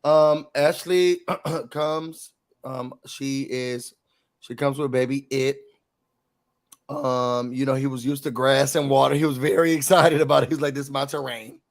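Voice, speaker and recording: A man co-hosting a casual TV recap show, animated, acting out quotes in a raised voice. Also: mid-range voice, a little slow.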